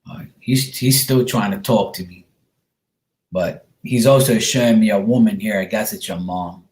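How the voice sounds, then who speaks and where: A man's voice: fairly low pitch, normal speed, darkish tone. A man, working as a medium and giving a casual, reassuring reading to a viewer, often calling her sweetheart. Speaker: psychic medium. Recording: echoey room.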